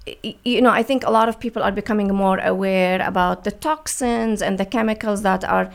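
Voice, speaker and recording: A woman's voice: mid-range voice, a little fast, gravelly. A woman from the Middle East, a business founder talking earnestly as a radio guest, with many fillers and restarts. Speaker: guest, beauty brand founder. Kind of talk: radio interview.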